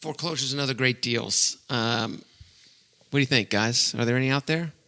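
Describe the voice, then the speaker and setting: A man's voice: medium pitch, moderate pace, pushed and bright, smooth. A middle-aged man hosting a casual podcast, upbeat and rambling, laughing often between filler words. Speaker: podcast host.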